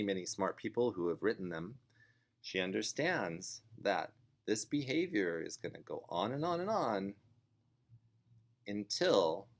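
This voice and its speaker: Slow, gentle low-voiced man teaching. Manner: slow, gentle, acts out parent and child voices. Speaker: family sign language teacher. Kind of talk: explaining parenting strategies.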